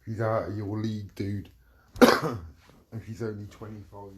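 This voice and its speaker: A man's voice: fairly low pitch, level tone, moderate pace, a little mellow. A middle-aged man delivering a heated, profane rant, repeating himself as he vents. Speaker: vlogger. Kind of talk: angry ranting monologue.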